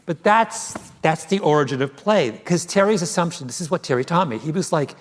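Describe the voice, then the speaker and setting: Author on stage, lively storyteller with a very expressive, swinging pitch. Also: male voice, fairly quick, hardly any pauses. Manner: animated storytelling, laughs often. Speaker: author being interviewed. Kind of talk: live stage conversation. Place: theater stage before an audience.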